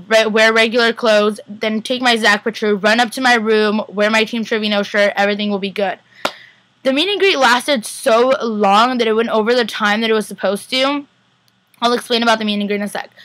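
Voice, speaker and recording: A young woman chats to the camera, rushing through a story with eager excitement. Her voice sits a little high and sounds bright and sharp. The recording is close and dry. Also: no echo, rough recording. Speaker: vlogger. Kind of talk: casual chat.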